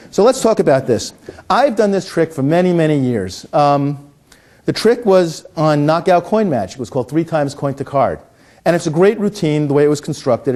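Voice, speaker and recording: A middle-aged man whose voice is on the high side yet dark in tone performs a coin trick with punny humor. He then walks through how it's done, frequently restarting his sentences.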